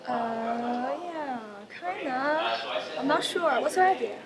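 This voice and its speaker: A woman's voice: sits high, lively intonation, takes it slowly, over a noisy crowd. A young woman acting a hesitant, agreeable student in an amateur school skit. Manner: hesitant and agreeable, many fillers.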